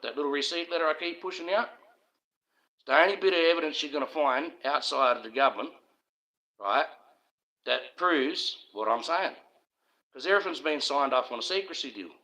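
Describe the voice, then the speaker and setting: A middle-aged Australian man hosts his own livestream in a loose, rambling monologue. His voice is bright and forceful. He sounds aggrieved and conspiratorial, and he keeps turning to address his viewers directly. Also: medium pitch, poor audio. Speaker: livestream host.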